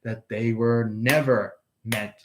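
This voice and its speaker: A man's voice: mid-range voice, fairly even intonation, slow pace, background noise. A man giving a casual tarot reading, rambling with many fillers and restarts. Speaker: tarot reader.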